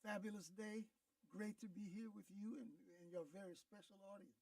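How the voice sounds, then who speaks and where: A man's voice: sits high, fairly even intonation, a little fast, creaky, a little mellow, dry recording, distant mic, rough recording. A man talking on a radio show as co-host, easygoing with brief remarks. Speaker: co-host, state senator. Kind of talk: casual radio talk show. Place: radio studio.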